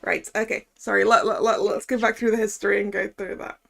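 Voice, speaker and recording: A woman's voice: medium pitch, steady tone, fairly quick, gravelly, a bit bright. A woman streamer chatting casually over a game, stumbling over words and giggling. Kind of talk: casual gameplay commentary.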